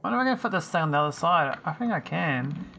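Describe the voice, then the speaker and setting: A man's voice: on the high side, animated, fast, gravelly, pushed and bright, a little hiss or hum. A man streaming a game, chatting casually and teasing his viewers while he thinks aloud. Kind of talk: casual live-stream chat while playing.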